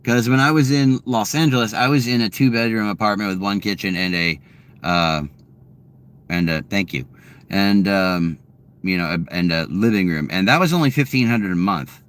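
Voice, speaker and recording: A man in his late thirties streams from home, chatting casually with viewers and answering their messages in a meandering way full of fillers, restarts and frequent chuckles. His voice is fairly low and clear, with a resonant, fairly bright tone, and he talks at a moderate pace.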